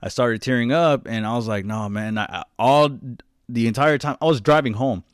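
A man's voice: mid-range voice, a little fast, smooth, no echo, studio quality. A young man co-hosting a podcast, talking casually and emotionally, swearing often and rambling with lots of laughs. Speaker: podcast co-host.

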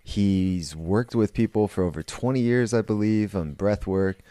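A man's voice: lowish voice, a little slow, mellow, no room sound. A man hosting a podcast, talking in a blunt, profane, rambling monologue full of restarts. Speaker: podcast host. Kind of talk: casual monologue.

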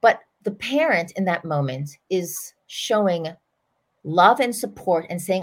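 Woman parenting coach, middle-aged, earnest animated storytelling, slightly low voice. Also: a little slow. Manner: earnest, animated, vivid example-telling. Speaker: parenting coach, podcast guest. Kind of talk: storytelling explanation in an interview.

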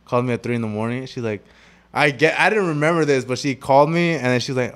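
A man's voice: mid-range voice, fast. A young man co-hosting a podcast, telling rambling, profanity-heavy stories with friends in a small room. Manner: loose, profanity-heavy, rambling storytelling with restarts. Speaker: podcast co-host. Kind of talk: casual storytelling chat.

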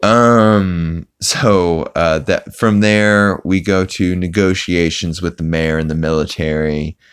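A man's voice: sits low, steady tone, slow, clean tone. A man hosting a podcast who recaps a cartoon episode in a casual, rambling way, with lots of ums and restarts as he quotes scenes. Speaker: podcast host.

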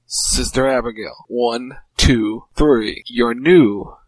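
A man co-hosting a wrestling talk show, recapping a match in brisk play-by-play. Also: mid-range voice, no room sound, rough recording. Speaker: podcast co-host.

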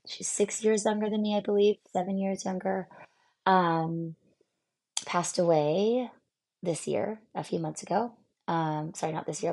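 A woman therapist hosting a solo podcast, who is losing her voice. She talks candidly and reflectively, pausing often with fillers. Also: on the low side, gravelly, a little mellow. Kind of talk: casual solo podcast talk.

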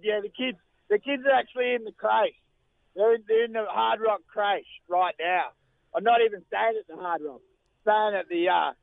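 A man's voice: extremely high pitch, gravelly, no echo. A man putting on a boozy, rambling broad Australian bloke on holiday, calling in. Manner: loud, blokey, rambling, chants. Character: boozy ocker Aussie bloke on holiday, middle-aged. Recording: tinny phone line.

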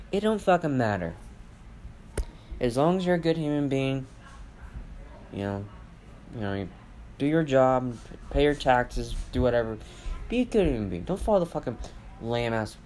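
A man's voice: mid-range voice, a little mellow. A man hosting a solo podcast from home, rambling and swearing through a casual rant full of fillers and restarts. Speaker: podcast host. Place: at home with family around. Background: faint household noise, dogs and TV.

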